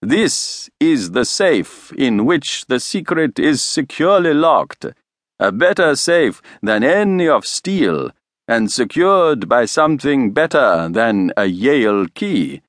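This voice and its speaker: Storybook villain: a velvety, fawning foreign schemer, read by a man, slow and sly. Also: mid-range voice, very animated, a bit bright, dry recording, clean studio sound, voice pushed up. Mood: smug, oily. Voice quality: velvety, faint foreign accent. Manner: obsequious, smug. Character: oily scheming foreign male inventor.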